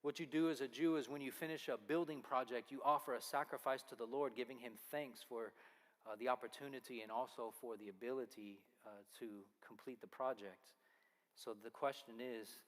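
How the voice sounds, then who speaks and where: A man's voice: mid-range voice, steady tone, brisk. A man preaching a sermon as pastor, earnest and firing off rhetorical questions. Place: church sanctuary. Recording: long reverb of a church hall.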